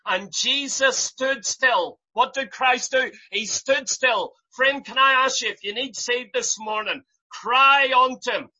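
A preacher delivering an impassioned sermon, piling up rhetorical questions and rising to loud cries. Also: medium pitch, slow, lo-fi sound.

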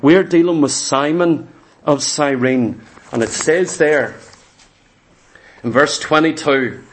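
Male preacher, sermon, somewhat high pitch, emphatic, questioning. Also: takes it slowly, slight background noise.

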